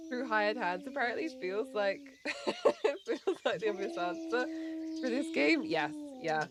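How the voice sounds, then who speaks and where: Lively, chatty woman with an English accent. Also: on the high side, measured pace, noisy background. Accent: light English. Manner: chatty, laughs often, mumbles a bit. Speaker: streamer. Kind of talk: casual livestream chat.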